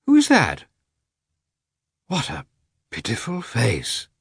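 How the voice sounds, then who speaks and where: A man's voice: fairly high pitch, huge pitch swings, takes it slowly, creaky, husky, dry recording, studio quality, voice pushed up, heavily acted. A man reading aloud, voicing an older prince, a kind father with mild irony. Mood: pitying. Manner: warm, sighing, mild irony.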